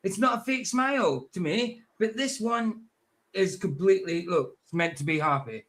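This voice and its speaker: A man's voice: high voice, normal speed, a bit bright. A man co-hosting a podcast, reacting to clips in casual, mocking chat and often laughing. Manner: laughing, mocking, repeats phrases. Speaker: podcast co-host.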